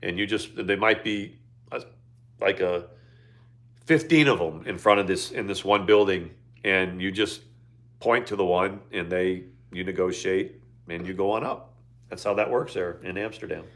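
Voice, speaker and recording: A man's voice: sits low, moderate pace, a bit bright. A man in his fifties chatting casually on a livestream, rambling with many fillers and restarts. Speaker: livestream co-host. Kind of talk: casual chat.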